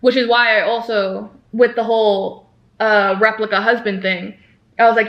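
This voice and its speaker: A woman's voice: medium pitch, fairly even intonation, moderate pace. A woman chatting casually about a book, rambling with lots of fillers and restarts. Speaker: book vlogger. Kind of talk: casual chat. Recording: dull lo-fi sound.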